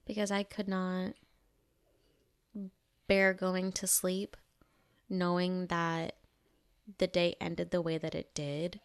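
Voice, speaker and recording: A young woman co-hosting a casual podcast chat, with a low pitch and a gravelly fry in her voice. She talks in a reflective, hesitant way and pauses often as she thinks. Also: flat delivery. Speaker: podcast co-host.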